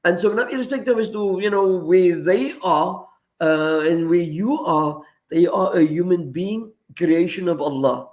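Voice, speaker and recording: The man's voice is a little high with a darkish tone. He appears as the regular guest on a radio talk segment, delivering earnest, slightly preacherly reflective commentary built around everyday examples, sprinkled with Arabic phrases.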